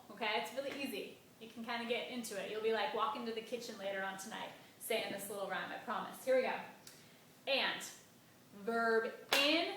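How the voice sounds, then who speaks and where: A woman's voice: a little high, a bit bright, slight background noise. A woman teaching a grammar lesson, upbeat and encouraging, spelling out letters and chanting syllables to a beat. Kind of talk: classroom-style grammar lesson. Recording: very echoey room, mic at a distance.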